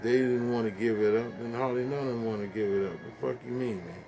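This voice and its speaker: A man's voice: medium pitch, fairly even intonation, fast talker, over music. A man ranting casually to the camera, rambling and profane, stumbling over fillers and laughing at his own jokes.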